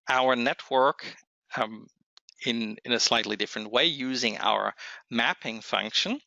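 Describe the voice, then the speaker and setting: A hoarse man presenting a software webinar, explaining step by step in a measured way and pausing to think. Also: medium pitch, dry recording. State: hoarse, losing his voice. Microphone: computer mic on a webinar call. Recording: dull, muffled lo-fi audio.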